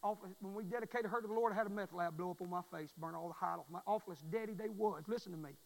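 Preacher guy, really high voice, fired up and repeating himself in a church sermon. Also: rapid-fire, vocal fry, big-room sound, low-quality recording. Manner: fervent, repetitive preaching that swells to loud pleading. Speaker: pastor.

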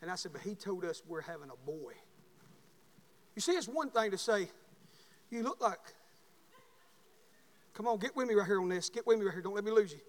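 High-voiced preacher, folksy then shouting. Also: male voice, lively intonation, fairly quick, long pauses. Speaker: pastor. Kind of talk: sermon. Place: church sanctuary. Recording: long hall reverb.

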